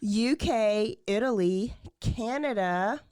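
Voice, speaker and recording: A woman's voice: fairly high pitch, slow pace, darkish tone, slight background noise. A woman co-hosting a podcast, chatting casually, laughing often and reading out listener messages. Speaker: podcast co-host. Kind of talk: casual chat.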